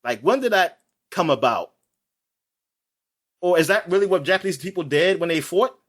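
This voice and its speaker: A man co-hosting a podcast, talking in casual chat that rambles, with quick asides and frequent laughs. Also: high-pitched, expressive, fairly bright tone. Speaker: podcast co-host.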